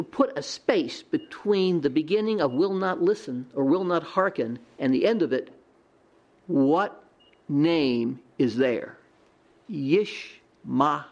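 A man's voice: high-pitched, highs cut off. A man teaching a Bible lesson as a sermon, asking his audience rhetorical questions.

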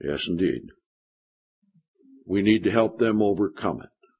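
Slow husky-voiced man preaching. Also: on the low side, expressive, lo-fi sound. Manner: keeps asking the congregation questions. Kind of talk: sermon.

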